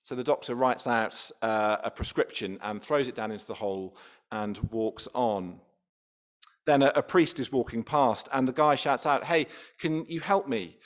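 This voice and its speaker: A man's voice: mid-range voice, moderate pace. A man preaching a sermon in a church, talking conversationally, often restarting and asking rhetorical questions.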